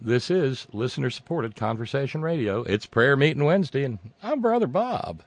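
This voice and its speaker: A man hosting a call-in radio show, rambling and joking with sudden loud outbursts. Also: medium pitch, big pitch swings, moderate pace, no room sound. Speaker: radio talk show host. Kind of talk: casual call-in radio banter. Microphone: studio microphone.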